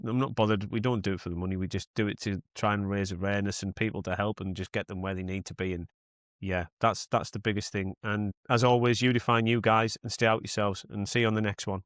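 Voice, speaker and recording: A man's voice: on the low side, steady tone, quick pace, a bit bright, no room sound, studio quality. A man hosting a podcast in casual, rambling chat that slips into mild swearing. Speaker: podcast host.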